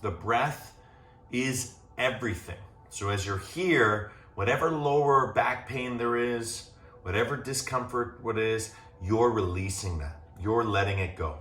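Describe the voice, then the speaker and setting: A man leads a gentle yoga class, calmly demonstrating poses as he talks and checking in with "right?" His medium-pitched voice is unhurried, coming from far off the mic in an echoey room with a little hiss or hum.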